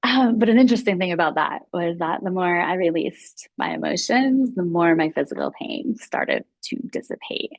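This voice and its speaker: A woman's voice: on the low side, moderate pace, vocal fry, hardly any pauses, dry recording. A woman speaking as a guest mindfulness teacher, telling her own story openly and confessionally. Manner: open and confessional, acts out her own past thoughts. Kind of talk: candid personal storytelling.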